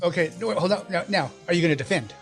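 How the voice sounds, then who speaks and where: Game master guy, kinda high voice, talks through rules step by step. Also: very fast, soft background music. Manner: explains rules and scenes step by step. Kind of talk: narrating a tabletop game.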